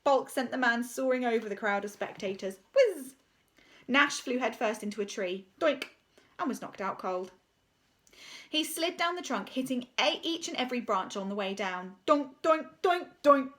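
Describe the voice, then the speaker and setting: A woman's voice: fairly high pitch, lively intonation, normal speed, fairly bright tone. A woman reading a children's story aloud, playful, adding spoken sound effects and asides.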